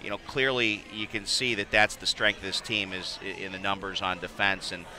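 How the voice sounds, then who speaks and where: A man's voice: fairly low pitch, little pitch movement, moderate pace. A man hosting a local sports show in a restaurant, asking coaches questions with frequent restarts. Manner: stammering restarts, friendly questions. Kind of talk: casual interview hosting.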